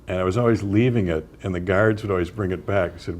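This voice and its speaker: Man, older, very deep voice, unhurried anecdotal storyteller, interview guest. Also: a little mellow. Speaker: author and guest. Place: community TV studio.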